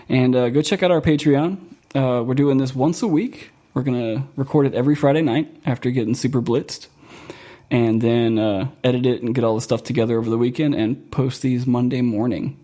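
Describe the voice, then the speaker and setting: A man's voice: mid-range voice, warm tone. A young man from Florida hosting a podcast in casual chat, rambling and laughing often. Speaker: podcast host.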